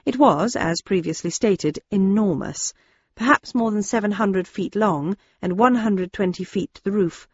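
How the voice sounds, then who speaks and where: A woman's voice: mid-range voice, unhurried, breathy edge, dry recording, lo-fi sound. A woman narrating a novel in the first person, in a dry, wry storytelling manner. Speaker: audiobook narrator.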